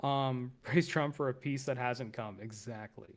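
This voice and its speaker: A man's voice: mid-range voice, unhurried. A man hosting a casual livestream, commenting with rambling talk full of fillers and restarts. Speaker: streamer host.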